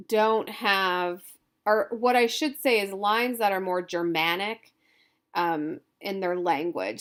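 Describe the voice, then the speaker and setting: Woman teacher lecturing slow, casual, kinda thinking out loud. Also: on the low side. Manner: informal, thinking aloud. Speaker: college instructor. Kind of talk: recorded lecture.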